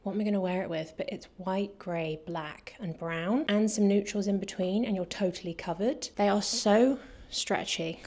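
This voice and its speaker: A woman's voice: medium pitch, moderate pace, a little mellow. A British woman from the UK chatting enthusiastically through a fashion haul, a little out of breath. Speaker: fashion vlogger. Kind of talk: casual try-on haul chat.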